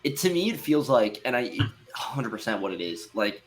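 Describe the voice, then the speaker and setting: A young man with a mid-range voice whose pitch swings a lot as he talks. He rambles casually as a podcast co-host. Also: sing-song, a little fast, background noise. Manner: loose, rambling, uses lots of fillers. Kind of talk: casual chat.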